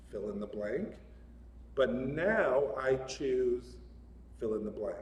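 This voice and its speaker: A man's voice: mid-range voice, lively intonation, takes it slowly, darkish tone. A man giving a casual, joking sermon at a spiritual center, chatty and often laughing. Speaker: guest speaker at a spiritual center. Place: large hall of a spiritual center. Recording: echoey hall, mic at a distance, faint room noise.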